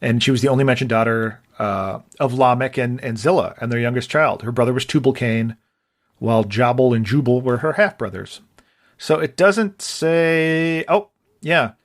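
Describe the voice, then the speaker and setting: A man co-hosting a podcast in loose casual chat. His voice sits at an everyday middle pitch, and he rambles and thinks out loud, restarting his sentences as he goes. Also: moderate pace. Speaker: podcast co-host.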